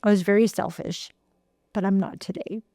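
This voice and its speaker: A woman, telling her recovery story in a halting way with repeated words and fillers. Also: medium pitch, fairly even intonation, mellow, no echo. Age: 60s. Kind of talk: heartfelt personal testimony.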